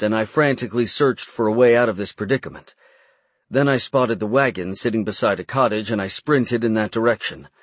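A man reading a first-person fantasy adventure audiobook in a brisk storytelling manner. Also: lowish voice, no echo. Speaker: audiobook narrator.

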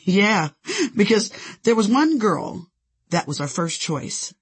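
A woman's voice: medium pitch, sing-song, slow pace, breathy edge, heavily acted. A woman doing a teasing German film director. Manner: teasing, conspiratorial.

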